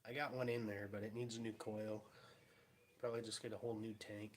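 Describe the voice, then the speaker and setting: A man's voice: on the low side, flat delivery, fairly quick, slight background noise. Laid-back man telling rambling stories. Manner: rambling, laughing storyteller who acts out quotes. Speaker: vlogger. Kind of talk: casual storytelling. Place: home garage.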